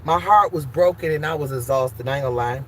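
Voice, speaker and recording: A woman's voice: very deep voice, fast talker, a little hiss or hum. A woman hosting a casual live stream, talking emphatically and with plenty of swearing, moving between heated outbursts and tender encouragement.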